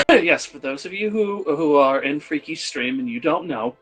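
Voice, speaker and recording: Rambling excitable man, fairly high voice. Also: moderate pace, soft background music, poor audio. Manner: rambling, excitable, swears freely, restarts sentences. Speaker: tabletop game player on a livestream. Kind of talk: casual chat.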